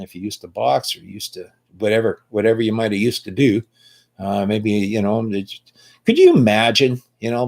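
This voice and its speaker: Gravelly, profane older man. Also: on the low side, darkish tone. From Canada. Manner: blunt, profane, rambling. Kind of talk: casual rambling monologue.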